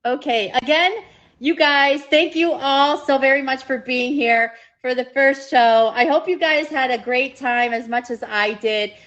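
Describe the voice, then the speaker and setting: A woman hosting a live-streamed matchmaking show, gushing and excitable, squealing when pleased. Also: sits high, unhurried, muffled recording.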